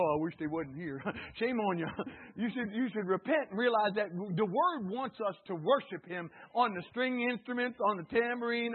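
A man preaching a sermon, calling out questions to the congregation and rising to shouts. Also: sits high, husky. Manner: call-and-response, rising to shouts. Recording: tinny phone-like sound.

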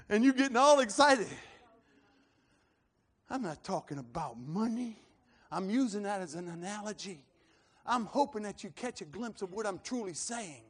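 A man's voice: high-pitched, expressive, normal speed, long pauses, husky. A man preaching a live sermon, calling for responses from the congregation, with a scratchy throat. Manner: builds to fervent shouting, calls for responses.

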